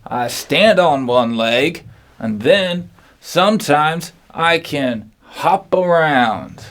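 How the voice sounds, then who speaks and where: A man's voice: on the high side, expressive, extremely slow, a bit bright, heavily acted. A squawking cheerful flamingo, put on by a man. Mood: chirpy. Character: silly male pink flamingo, cheerful.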